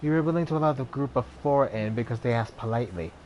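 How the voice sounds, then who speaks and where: A man voicing a stern male community spokesman who speaks in a measured, grave way. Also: mid-range voice, lively intonation, a little mellow, slight background noise, close to an everyday voice.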